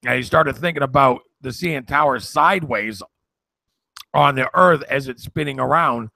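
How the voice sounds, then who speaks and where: A man with a gravelly, forceful voice tells a story with earnest conviction, now and then sliding into a sermon-like push. The sound is dry and close. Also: medium pitch, normal speed, no echo. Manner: earnest storytelling, builds to preaching. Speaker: co-host. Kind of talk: casual chat, preachy at times.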